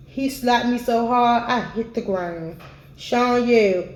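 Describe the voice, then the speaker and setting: A woman reads a first-person memoir in a steady, even way. Her voice is mellow and warm, and the room gives it a noticeable echo. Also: a little high, measured pace. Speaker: audiobook reader.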